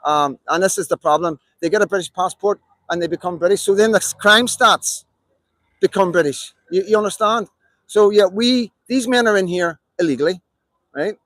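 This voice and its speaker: A man's voice: high voice, normal speed, a bit bright, no room sound, low-quality recording. Man, Belfast accent, live-stream monologue, emphatic and repetitive, dry close sound. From Northern Ireland.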